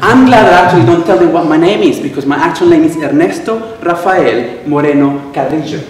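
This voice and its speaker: A man from Venezuela with a Venezuelan Spanish accent, giving a humorous speech at a club and pausing for laughs as he tells stories. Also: on the high side, a little hiss or hum. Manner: storytelling with quoted exchanges, pausing for audience laughs. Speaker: club speaker. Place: club meeting room. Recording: echoey room, miked from a distance.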